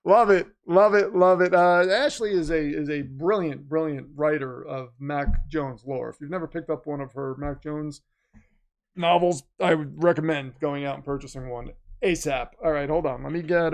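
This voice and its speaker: A man hosting a casual livestream and reading viewer messages, talkative, keyed up and nervous, swinging from loud to quiet. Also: on the high side, normal speed, vocal fry. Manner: excitable, talkative, jumps between loud and quiet. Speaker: livestream host reading super chats.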